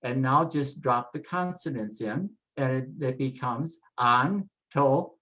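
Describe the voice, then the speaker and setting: A pronunciation instructor teaching Spanish names, spelling out the vowels and repeating each name slowly and patiently. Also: medium pitch, fairly bright tone. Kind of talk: spoken pronunciation lesson.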